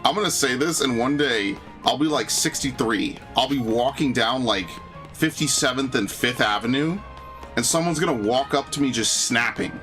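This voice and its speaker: A man's voice: mid-range voice, moderate pace, fairly bright tone, soft background music. A man streaming a game, reading its dialogue aloud and ranting in crude, sarcastic jokes. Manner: crude, sarcastic, jokey rants. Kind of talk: casual gameplay commentary.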